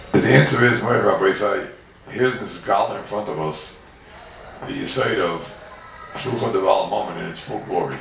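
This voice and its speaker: Low-leaning and gravelly with a fairly bright tone, a man's voice leads an emphatic, fast yeshiva-style Talmud lecture packed with questions and repetition, in a sing-song manner. He's far from the mic in a roomy, echoing space, with slight hiss or hum.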